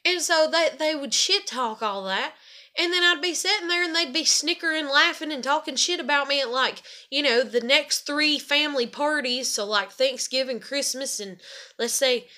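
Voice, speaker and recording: In a high, sharp voice, a young woman vlogging rants about her family with frustration and bitterness. She swears heavily and goes around in repetitive, rambling circles.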